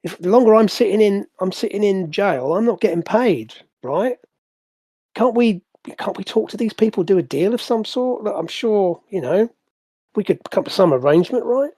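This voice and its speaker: Man doing a high, stammering, whiny crook. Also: a little mellow, dry recording, clean studio sound, close to an everyday voice. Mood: pleading. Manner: high, pleading, rapid, stammering. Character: jittery small-time male crook, greedy, whiny.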